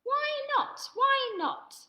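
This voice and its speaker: A woman voicing a small, brave young female Gruffalo in a picture book reading, eager and full of questions. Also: very high-pitched, lively intonation, slow pace, muffled recording, pitched above the performer's own voice, full character voice. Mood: curious. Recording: roomy echo.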